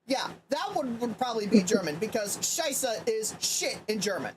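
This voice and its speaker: Lively-voiced woman hosting a livestream. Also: a little high, normal speed, a little hiss or hum. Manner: hesitant, restarts sentences, laughs easily. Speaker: livestream host. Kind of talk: casual livestream reaction chat.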